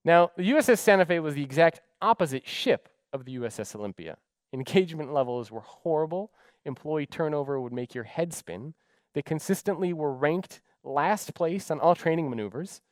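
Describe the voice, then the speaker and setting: A man speaks on stage in an animated storytelling style, his pitch swinging widely. His voice is dry and close, with no room echo at all. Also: moderate pace. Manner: animated, dramatic storyteller who acts out dialogue. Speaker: keynote speaker. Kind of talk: storytelling keynote talk.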